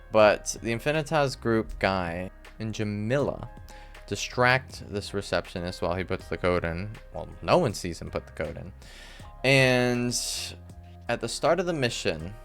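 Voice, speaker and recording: Rambling young man reviewing an episode. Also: on the low side. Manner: rambling, frequent "like" and "I guess"; quick jumps to exasperated outbursts. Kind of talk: casual solo commentary.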